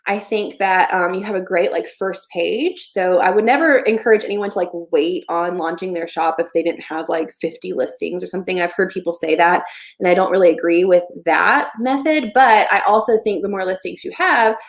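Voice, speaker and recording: A woman's voice: lowish voice, normal speed. A young woman hosting a casual livestream Q&A, chatting in a friendly way and often saying "um" and "like". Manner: chatty, friendly, many fillers like "um" and "like". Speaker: livestream host giving online shop advice.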